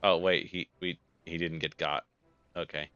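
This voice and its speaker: A man's voice: low-pitched, level tone, moderate pace, pushed and bright, clear, resonant tone, muffled recording, soft background music. A man casually commenting on a game he is playing, chatty and self-deprecating. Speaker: let's-play host.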